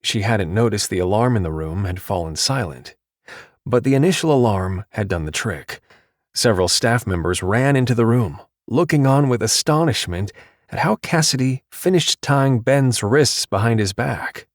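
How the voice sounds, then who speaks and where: A man narrating an audiobook with a steady, measured delivery. His voice sits low, and the studio sound is close and dry. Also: no echo.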